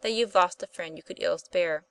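A woman voicing a kindly, patient male schoolteacher who speaks earnestly and gently. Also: lowish voice, moderate pace, no echo, close to an everyday voice, low-quality recording.

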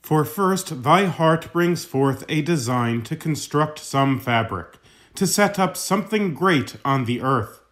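Slow, measured male sermon reader. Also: a little high, lively intonation, fairly bright tone. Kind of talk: scripted reading of a sermon text.

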